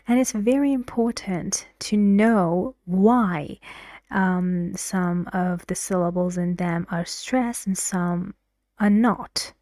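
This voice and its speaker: A woman teaching English pronunciation, explaining slowly and deliberately, often dropping into a soft half-whisper. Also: mid-range voice, dry recording. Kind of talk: explaining pronunciation in a language lesson.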